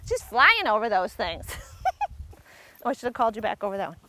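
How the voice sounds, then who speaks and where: A woman's voice: fairly high pitch, sing-song, a little fast, sharp tone. A woman working as a dog agility trainer outdoors, coaching and explaining as she works a dog, breaking into squealing praise and frequent laughter.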